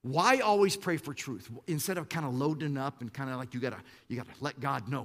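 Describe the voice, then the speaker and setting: A middle-aged man, preaching a lively sermon as pastor, often repeating words when he gets going. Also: mid-range voice, fast, creaky, few pauses. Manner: lively, repeats words when fired up, mock-quotes the congregation.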